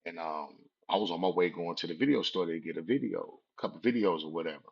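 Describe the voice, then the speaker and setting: Low and gravelly, his voice moves at a quick pace as the Southern California vlogger, a man in his forties, casually shares a personal story using laid-back street slang. Sound quality is dull and lo-fi.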